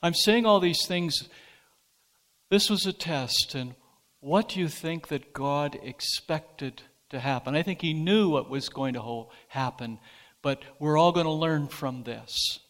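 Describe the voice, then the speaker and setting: A man preaches a sermon at an unhurried, deliberate pace. His voice sits somewhat high and climbs into emphatic, forceful peaks. A long reverb trails behind his words. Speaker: pastor.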